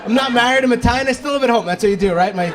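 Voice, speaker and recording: A man's voice: extremely high pitch, racing, a crowd in the background. A man in his thirties from New York doing a stand-up comedy set with brash, self-deprecating punchlines. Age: 30s. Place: comedy club stage. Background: audience laughter.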